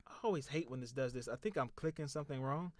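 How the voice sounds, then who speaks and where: A young man hosting a podcast, telling a long story in a loud, profane, animated way that drops to muttering. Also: medium pitch, fast talker, crowd noise. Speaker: podcast host.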